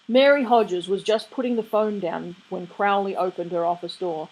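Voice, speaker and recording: A woman reading a novel aloud in a steady storytelling way. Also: lowish voice, normal speed, gravelly, few pauses, poor audio. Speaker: reader. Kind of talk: audiobook reading.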